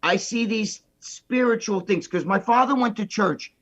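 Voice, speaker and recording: Podcast regular, male, high register, blunt and profane, slightly dull sound. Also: normal speed, fairly bright tone, slightly rough. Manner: blunt storyteller, swears freely. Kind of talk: casual chat.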